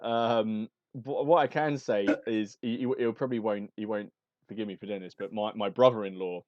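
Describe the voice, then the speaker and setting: A man's voice: on the low side, steady tone, normal speed, no room sound, muffled recording. A man chatting on a podcast, rambling through a story with lots of restarts and chuckles. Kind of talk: casual chat.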